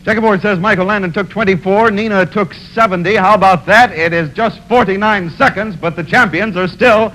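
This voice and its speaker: A man hosting a 1960s television game show, briskly announcing scores and players. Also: high-pitched. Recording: noisy 1960s broadcast audio.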